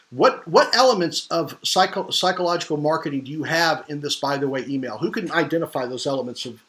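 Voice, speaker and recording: Middle-aged male marketing trainer, somewhat high-pitched, emphatic and questioning, loose live-class delivery. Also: fairly bright tone. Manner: emphatic, questioning the audience, many restarts.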